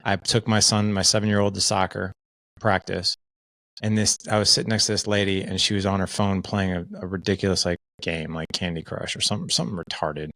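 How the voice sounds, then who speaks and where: A middle-aged man, a podcast guest, telling stories in an earnest, animated way with plenty of filler words. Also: low-pitched, fairly quick, dry recording. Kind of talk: casual conversation.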